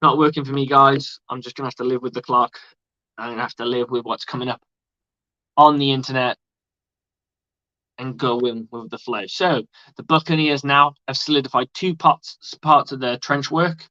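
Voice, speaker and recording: A man's voice: medium pitch, steady tone, normal speed, bright, forceful tone, dry recording. A man hosting a live stream with casual sports commentary, rambling and chatty and swearing freely. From outside the United States. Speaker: livestream host. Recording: dull lo-fi dry sound.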